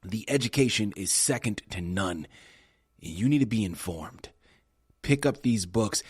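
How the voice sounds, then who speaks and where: A man hosting a radio interview, wrapping up with an energetic, emphatic pitch aimed straight at the listeners. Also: unhurried, breathy edge, no echo, clean studio sound. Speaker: radio show host. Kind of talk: interview host wrap-up.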